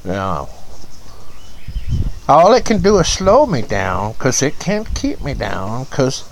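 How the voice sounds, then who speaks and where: A man's voice: medium pitch, huge pitch swings, takes it slowly, pauses often, a little hiss or hum, poor audio. A man from Ohio hosting a casual livestream from his front porch, rambling, chuckling often and greeting viewers by name. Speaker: livestream host.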